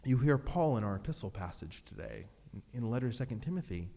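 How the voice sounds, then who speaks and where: A man preaching a sermon as pastor, earnest and expressive, acting out prayers in his own voice. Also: medium pitch, fast talker, gravelly, long reverb tail.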